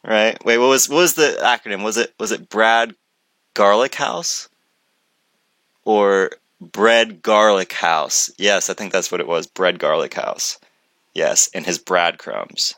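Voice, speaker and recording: Excitable rambling man, bright voice. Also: fairly low pitch, moderate pace, no room sound. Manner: rambling, excitable, many restarts. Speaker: commentator reacting to a video. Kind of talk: excited reaction commentary.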